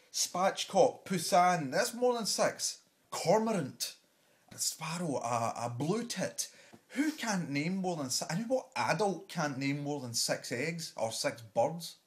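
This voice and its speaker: A man giving an exasperated comic rant, swearing and stumbling over words. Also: on the high side. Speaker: vlogger.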